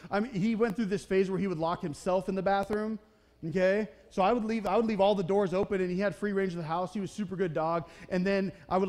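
A man preaching a sermon in a church with a bright, high-pitched voice. His talk is casual and conversational, and he keeps checking in with the congregation. He reads scripture and then riffs loosely on it. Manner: conversational, checks in with "okay?" and "right?". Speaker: pastor.

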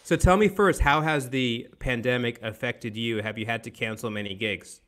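A man's voice: mid-range voice, moderate pace, fairly bright tone. A man hosting a nightly live-streamed concert show from his parents' dining room, emphatic and upbeat, repeating words for effect. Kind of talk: enthusiastic livestream hosting.

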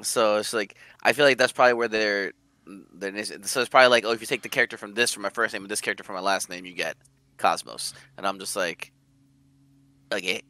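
A man's voice: lowish voice, fast talker, bright, forceful tone, dry recording. A man co-hosting an anime podcast, explaining names and background details in a casual way. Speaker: podcast co-host. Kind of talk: casual chat about anime.

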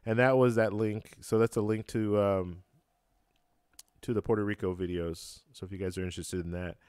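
Sitting close to his microphone at home, with a computer fan audible, a man runs a travel live stream, responding to comments in a loose, stop-start way with many fillers and restarts and ready laughter. His pitch is fairly low, the tone clean, the recording dry.

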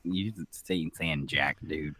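A man's voice: very deep voice, slow pace, breathy edge, dry recording. A man co-hosting a podcast in casual chat, telling stories with giggles and acting out quotes. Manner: animated storyteller, giggly, acts out quotes. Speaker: podcast co-host.

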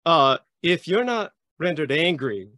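A man's voice: fairly high pitch, sing-song, unhurried, bright, forceful tone, dry recording, clean studio sound. A man speaking as a guest historian, blunt and emphatic, sounding drunk. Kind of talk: conversational commentary.

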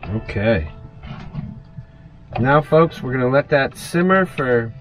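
A relaxed man chats to his viewers while cooking in the tight kitchen of a small motorhome. He talks in a mid-range voice, easygoing and folksy, often calling people "man". Guitar music plays clearly underneath. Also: medium pitch, takes it slowly, pauses often. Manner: laid-back, folksy, says "man" often. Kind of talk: casual chat to camera.

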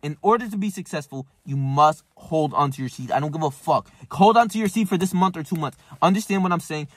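A man's voice: fairly high pitch, fairly quick, no room sound. A young man ranting to camera in a casual motivational vlog, emphatic and profane, calling the listener bro. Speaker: self-improvement vlogger.

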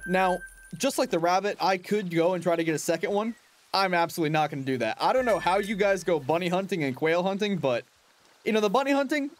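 A young man giving casual, chatty commentary while playing a hunting game, laughing often and talking to his in-game dog. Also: a little high. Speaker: gaming channel host.

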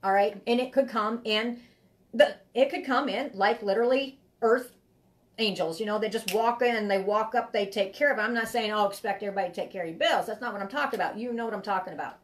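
A woman's voice: mid-range voice, fast. A woman giving a live tarot reading, talking in a rambling, heartfelt way and often repeating herself. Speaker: tarot reader.

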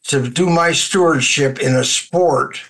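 A man in a Bible study group who also coaches, chatting casually and a bit haltingly. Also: on the high side, fairly bright tone. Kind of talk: casual chat.

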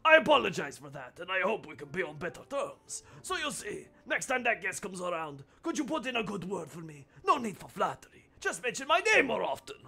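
A man voicing a jealous, pompous male bar customer in a game with a put-on accent, haughty and quick to flare up. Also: sits high, sing-song, pushed and bright, voice pushed up, exaggerated voice. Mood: smug, wheedling. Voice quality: gravelly, breathy put-on accent.

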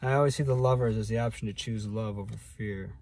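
A tarot reader gives a casual daily reading, drawing cards and asking spirit about each one as he thinks aloud. His voice is lowish and brisk, and his manner is relaxed and musing.

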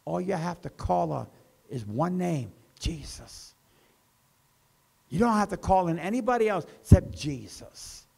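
A man preaching a sermon as pastor, with slow emphasis that rises and falls. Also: sits high, lively intonation, gravelly, a little mellow, slightly rough.

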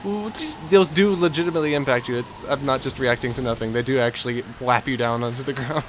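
A man with a Texan accent giving let's play commentary, excitable and yelping at crashes, rambling in self-deprecating asides. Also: medium pitch, fast talker, background noise. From Texas. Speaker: gaming video host.

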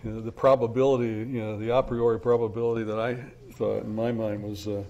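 A man's voice: lowish voice, little pitch movement, quick pace, dark tone, highs cut off. An older man giving a conference lecture on finance, speaking with many hesitations and restarts and a dry, self-deprecating humor. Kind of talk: academic lecture.

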